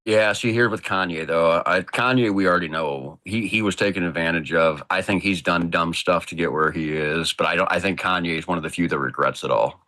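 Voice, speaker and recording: Man, low pitch, blunt, crude remarks, livestream guest, casual chat. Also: bright, forceful tone. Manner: blunt, crude opinions, quick asides.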